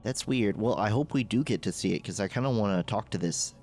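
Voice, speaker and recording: A man's voice: lowish voice, a little fast, darkish tone. A man casually chatting as a player in a tabletop game, earnest and musing.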